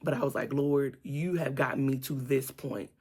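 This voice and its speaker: A woman's voice: very deep voice, normal speed, breathy edge. A woman recounts a personal adventure as a lesson of faith. She speaks casually and with animation, addressing her viewers directly. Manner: animated, addresses viewers as "y'all", laughs and exclaims often. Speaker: vlogger. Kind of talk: casual faith-based storytelling vlog.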